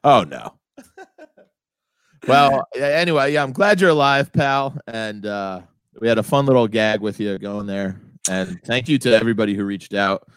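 A man's voice: fairly low pitch, moderate pace, clean tone, no room sound. A man co-hosting a comedy podcast, telling rambling stories with frequent laughs. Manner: rambling storyteller, laughs often, puts on loud voices for quotes. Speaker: podcast co-host. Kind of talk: casual comedic chat.

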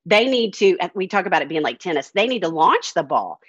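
A woman's voice: lowish voice, big pitch swings, fairly quick, fairly bright tone, slightly rough, dry recording, lo-fi sound. A woman, a counselor and camp director, speaking candidly and reflectively in a podcast conversation.

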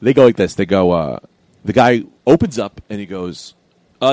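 A comedian telling a story in casual chat, acting out the people in it with loud, lively quotes. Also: male voice, lowish voice, normal speed, no room sound. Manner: animated, acts out quotes loudly.

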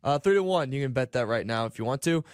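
A man's voice: mid-range voice, animated, fast talker, smooth, dry recording, studio quality. A man co-hosting a sports betting show, laid-back and offhand. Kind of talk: casual sports talk.

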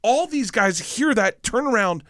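A man's voice: high-pitched, expressive, normal speed, fairly bright tone, dry recording, studio quality. A man telling a long rambling story in casual chat, profane and self-deprecating.

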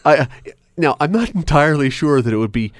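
A man's voice: fairly high pitch, animated, a little fast, dry recording. Chatty male radio host, dry studio sound. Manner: chatty, playful, laughs often. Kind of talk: casual radio talk. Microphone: studio microphone.

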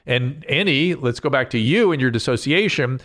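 A man's voice: mid-range voice, animated, normal speed, fairly bright tone, no room sound, studio quality. A man hosting a casual podcast chat as a physician, explaining things in a lecturing way. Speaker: host and physician.

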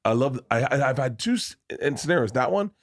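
A middle-aged man with an average-pitched voice tells a story on his podcast. He talks in an animated, loose way, swears freely and acts out the people he quotes. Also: a little fast. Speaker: podcast host, comedian. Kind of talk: casual chat, storytelling.

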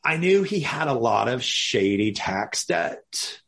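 A man, a podcast guest, telling a lively story with laughter and acted-out quotes. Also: medium pitch, takes it slowly, husky. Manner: animated, laughing, acts out quoted voices.

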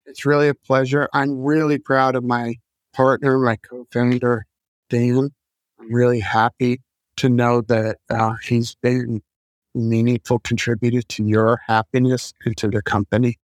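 A man's voice: medium pitch, flat delivery, measured pace, dry recording. A man, an executive coach and podcast guest, speaking bluntly and emphatically, with some swearing. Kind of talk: candid interview talk.

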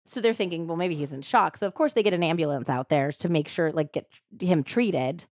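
A woman hosting a true crime podcast, retelling a case in a casual, animated way with lots of "like" fillers. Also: deep voice, brisk, no echo, clean studio sound. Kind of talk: casual storytelling chat.

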